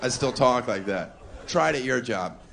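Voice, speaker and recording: A man's voice: medium pitch, animated, moderate pace, gravelly. A male stand-up comedian doing a brash, provocative routine with wry asides on a club stage, into a handheld mic. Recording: live club audience with noisy room.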